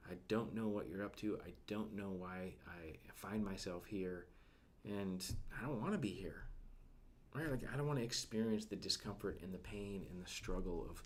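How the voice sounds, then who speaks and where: A man giving a casual devotional talk, conversational and full of fillers, often turning to ask his listeners questions and sinking to a soft near-whisper at emotional points. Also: on the low side, steady tone, a little fast, a little hiss or hum.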